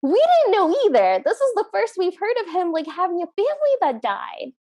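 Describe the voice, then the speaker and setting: A woman co-hosting a podcast, recapping a movie in casual chat and acting out the characters' lines with animated energy. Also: extremely high pitch, brisk. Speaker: podcast co-host.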